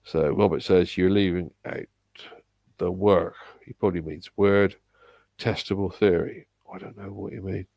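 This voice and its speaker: Give me a deep, creaky-voiced man with a Bristol accent. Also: steady tone, warm tone, no echo. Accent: Bristol English. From England. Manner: hesitant, halting, with many restarts and fillers. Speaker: livestream host reading viewer comments. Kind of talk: live stream Q and A, unscripted.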